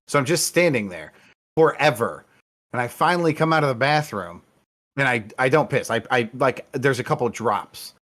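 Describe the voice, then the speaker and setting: A man's voice: mid-range voice, animated, normal speed, a bit bright. Blunt, casual male podcast co-host. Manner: blunt, profane, conversational. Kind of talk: casual storytelling chat.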